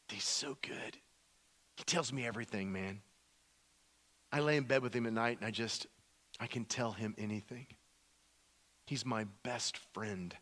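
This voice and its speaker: A preacher doing a mellow, buddy-like Jesus. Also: male voice, medium pitch, pitched below the performer's own voice. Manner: casual, fond, dude-like talk. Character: laid-back man, Jesus as a buddy.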